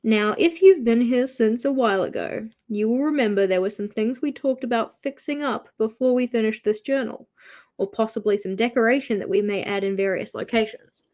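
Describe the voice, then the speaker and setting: Young woman, slightly high voice, chatty, self-mocking, talking to herself while crafting. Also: fairly quick, a little mellow. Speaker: journaling livestream host. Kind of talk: casual chat while crafting.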